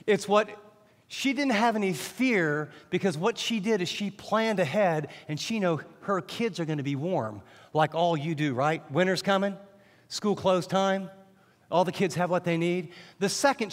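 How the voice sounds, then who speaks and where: A middle-aged man preaching a sermon as a Bible teacher, animated and often restarting his sentences. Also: sits high, moderate pace. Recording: long hall reverb.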